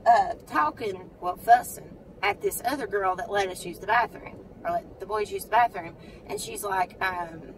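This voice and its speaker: A woman speaking at normal speed tells a story in a casual vlog from her car parked outside a credit union. A mother, she's animated, faces the camera, and acts out others' lines in a high voice; the poor audio is recorded from a distance with slight background noise.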